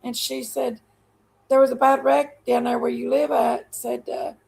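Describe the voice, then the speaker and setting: A woman's voice: on the high side, level tone, a little slow, creaky, a little mellow, slightly rough, low-quality recording. A woman hosting a livestream, rambling along in folksy, casual chat with her viewers. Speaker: livestream host.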